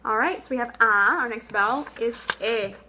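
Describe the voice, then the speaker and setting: Bright-voiced young woman teaching a lesson. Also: a little high, slight background noise. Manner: patient, explanatory, sounds out words slowly and repeats them. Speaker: Spanish teacher. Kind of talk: recorded language lesson.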